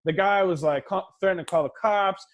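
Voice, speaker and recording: Over a video call, a Los Angeles comic in his thirties does stand-up with casual, profane stories, doing the voices of each person in them. He speaks briskly in a high voice.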